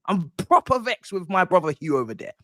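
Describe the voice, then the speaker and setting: A man's voice: high-pitched, very animated, fairly quick, sharp tone, no room sound, studio quality. A man, a football fan panelist delivering a theatrical, mock-indignant rant.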